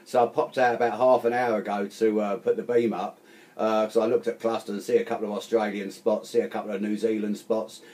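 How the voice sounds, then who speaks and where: A man's voice: lowish voice, flat delivery, fairly quick, a little mellow. A man chatting casually on amateur radio, friendly, calling the other man mate again and again. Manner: chatty, says mate constantly.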